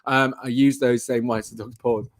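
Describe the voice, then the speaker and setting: A man's voice: medium pitch, flat delivery, moderate pace, no room sound. Playful man chatting on a livestream. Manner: playful, rambling, self-mocking. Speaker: livestream host. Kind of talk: casual live-stream chat.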